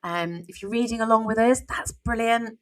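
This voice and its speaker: A woman's voice: fairly high pitch, moderate pace, fairly bright tone. A middle-aged woman, an author talking openly and thoughtfully on her podcast, often saying "you know". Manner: open, reflective, leans on "you know". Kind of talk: casual podcast chat.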